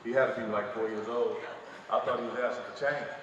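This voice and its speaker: Animated male storyteller in echoey hall. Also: medium pitch, fast, highs cut off. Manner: animated, does voices of people in his stories. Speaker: panel host, actor. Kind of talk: comic storytelling on stage. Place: large convention hall panel. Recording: echoey convention hall, distant mic, loud noise.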